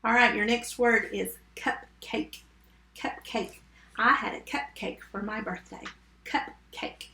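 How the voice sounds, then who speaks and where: A woman teaching a first grade phonics lesson remotely, sounding out words slowly and giving patient step-by-step instructions. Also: fairly high pitch, fairly even intonation, gravelly, sharp tone, reverberant.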